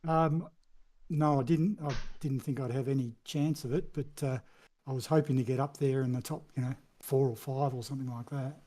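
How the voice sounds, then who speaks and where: Modest, mellow-voiced male race winner. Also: medium pitch, fairly even intonation, moderate pace. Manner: modest, plain, few words.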